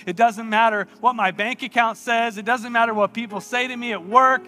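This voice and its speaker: A male pastor preaching a sermon in church with energetic, playful delivery and emphatic repetition. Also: very high-pitched, brisk, hardly any pauses, soft background music.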